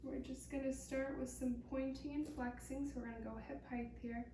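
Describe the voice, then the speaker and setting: A young woman leading a pilates workout, giving calm, encouraging step-by-step cues. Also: high-pitched, normal speed, background noise. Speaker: pilates instructor. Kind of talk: guided workout instruction. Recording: echoey room, mic at a distance.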